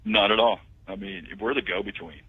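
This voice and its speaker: A man, a tax firm owner, pitching his services confidently as a guest phoning into a radio talk show. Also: normal speed, slightly rough. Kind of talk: radio phone-in interview. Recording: tinny phone line.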